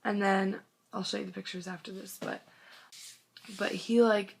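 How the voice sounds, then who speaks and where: Gushing young woman with a gravelly, husky voice. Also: mid-range voice, steady tone, normal speed. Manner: gushing, rambling, fillers of "like", drops to a whisper at times. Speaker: vlogger. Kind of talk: excited casual storytelling to camera. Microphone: phone.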